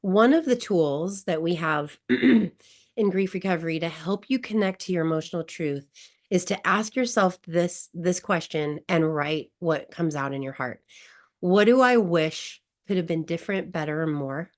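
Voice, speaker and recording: A woman with a fairly low voice, speaking at normal speed, is a grief recovery guest coach in an online wellness class. She shares a personal story, emotional and laughing often.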